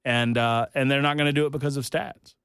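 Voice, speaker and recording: A man hosting a talk radio show, folksy and jokey, his voice jumping up in loud disbelief. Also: medium pitch, fairly even intonation, a little fast, clear, resonant tone, dry recording, clean studio sound. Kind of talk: casual studio banter. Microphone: studio microphone.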